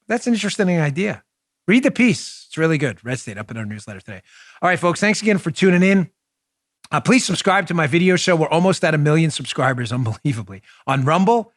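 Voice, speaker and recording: A man delivers a political talk monologue with a slightly raised pitch. He shifts from loud exclamations to quick, quiet asides. The close studio mic sounds dry, with no room around it. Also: no echo. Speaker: podcast host.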